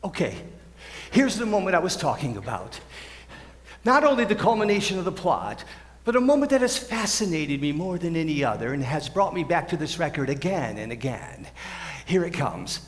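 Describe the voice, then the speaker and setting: A man's voice: on the high side, big pitch swings, normal speed. A young man playing a wistful musical fan who talks to the audience in a rambling, confiding way, recorded in an auditorium. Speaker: student actor. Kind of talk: stage musical performance. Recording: echoey auditorium, distant mic.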